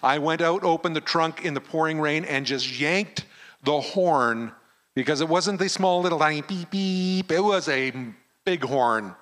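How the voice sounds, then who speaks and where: A man's voice: a little high, normal speed. A middle-aged man, a pastor telling a personal story in a sermon at a camp meeting and acting out the dialogue. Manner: animated storyteller who acts out the dialogue.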